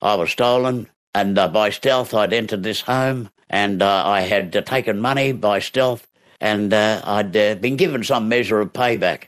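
An Australian actor, appearing as an interview guest, reflectively tells stories from his past, acting out voices and laughing along. His voice is lowish and his speed normal.

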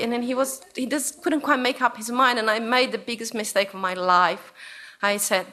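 A woman from Brazil giving an animated, playful storytelling talk to an audience about her research. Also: fairly high pitch, moderate pace. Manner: animated, playful, acts out voices. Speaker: researcher and speaker.

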